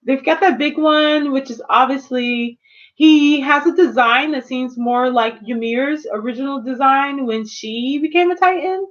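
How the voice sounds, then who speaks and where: A woman vlogger ranting casually about shows, slangy and animated, acting out her own reactions. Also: high voice, lo-fi sound. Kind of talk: casual rant to camera.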